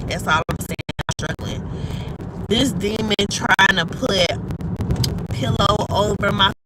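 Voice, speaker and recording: A woman's voice: medium pitch, measured pace, long pauses. A woman telling a story to her viewers in a chatty, emphatic way, swearing freely, talking into a phone from a moving car. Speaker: livestream host. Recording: loud car noise behind voice.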